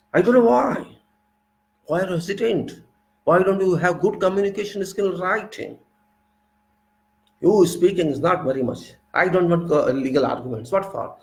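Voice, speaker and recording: A civil engineer with an Indian English accent lectures in a gravelly, rather high voice. He argues hard and keeps firing rhetorical questions at his listeners. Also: rough recording. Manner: emphatic and argumentative, full of rhetorical questions. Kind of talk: informal lecture.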